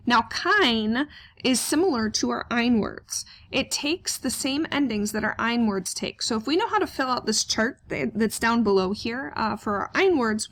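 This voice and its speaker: A woman's voice: fairly high pitch, fairly bright tone. Woman, patient classroom lecturer; methodical step-by-step explanations with frequent filler words. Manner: explains step by step, asks questions aloud and answers them, many "uh" fillers. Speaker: German teacher.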